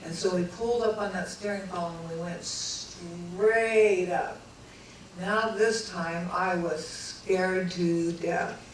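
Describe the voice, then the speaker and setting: A woman's voice: on the low side, takes it slowly. A woman recounts a dramatic story to an audience, bringing each exchange to life as she tells it. Her voice rings through a very echoey hall, picked up from a distance over a faint hum of ambience. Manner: animated, acts out dialogue with lively voices. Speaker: speaker recounting a near-death experience.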